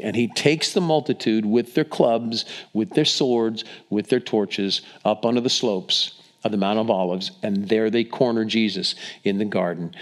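A man's voice: fairly low pitch, a little slow, few pauses. A man preaching a sermon, retelling the scripture vividly and stumbling over restarts. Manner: storytelling, dramatizes quotes with acted voices; frequent restarts and repetitions.

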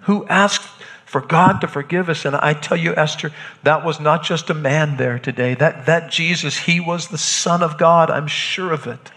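A man acting a hardened Roman centurion shaken by an execution, talking haltingly and repeating words, in a church drama. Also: a little high, bright, forceful tone, big-room sound. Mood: grave, shaken.

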